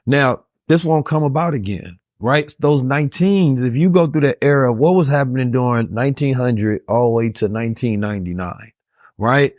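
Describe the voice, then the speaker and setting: A man's voice: medium pitch, a little mellow, no room sound, studio quality. A man hosting a conversation, speaking in long musing stretches and often checking in with "right?". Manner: repeats "right?" often, fast musing delivery. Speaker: host. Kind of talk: casual conversational talk.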